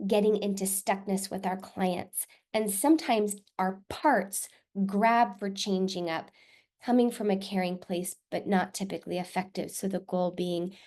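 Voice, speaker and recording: Affirming woman leading a workshop. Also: medium pitch. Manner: warm, affirming, reflective, with filler ums. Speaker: workshop presenter. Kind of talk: live online workshop, reading out participant responses.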